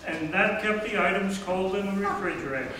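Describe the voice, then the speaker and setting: Stage sketch: actor as a patient interviewer, fairly high voice, recorded far off with hiss behind. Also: male voice, a little fast, pushed and bright, very echoey. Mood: amused. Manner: short prompting questions, plays straight man. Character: adult male interviewer, patient and amused.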